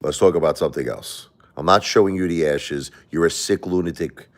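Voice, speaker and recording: Speaking fairly quickly in a deep voice, a middle-aged man hosts a livestream. He's emotional and defensive as he talks to viewers, rambling on with repeated words and restarts.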